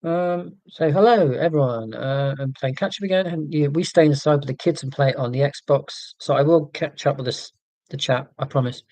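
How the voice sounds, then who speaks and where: A man's voice: a little high, normal speed, darkish tone, dry recording. A man from Scotland hosting a casual livestream, chatting to viewers in a rambling way with many ums and restarts. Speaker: livestream host.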